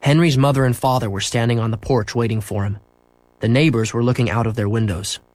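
A man reading a children's book aloud, expressive and acting out the sound effects. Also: mid-range voice, fairly quick, no echo. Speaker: storyteller.

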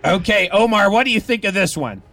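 Brisk, bright-voiced radio host. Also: male voice, high voice, animated, soft background music. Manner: brisk, playful emcee. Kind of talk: morning radio call-in banter. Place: radio studio.

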